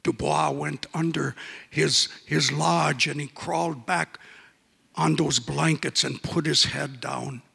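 A man spins a folk tale in a slow, folksy drawl, his voice high, gravelly and raspy. It rings out with a long, hall-like reverb. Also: steady tone, sharp tone. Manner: folksy, with frequent "eh?" asides. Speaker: storyteller.

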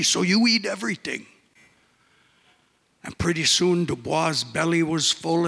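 Gravelly storyteller. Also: male voice, a little high, bright, forceful tone, long reverb tail. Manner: folksy, with frequent "eh?" asides. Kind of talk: folk tale storytelling.

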